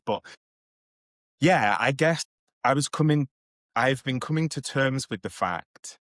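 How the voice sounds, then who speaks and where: Low-voiced young guy doing his vlog, candid and self-aware, laughs a lot, dry close mic. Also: no room sound. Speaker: podcast and vlog host. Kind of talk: reflective casual monologue.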